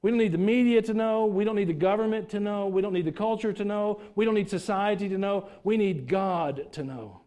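A man's voice: high voice, fairly quick, few pauses, warm tone. A middle-aged man preaching a sermon in a church, folksy and joking, full of rhetorical questions to the congregation. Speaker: pastor.

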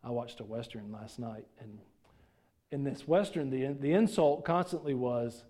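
In a church, a middle-aged man preaches as pastor with a warm, mid-range voice at a measured pace. His sermon is folksy and joking, packed with rhetorical questions for the congregation.

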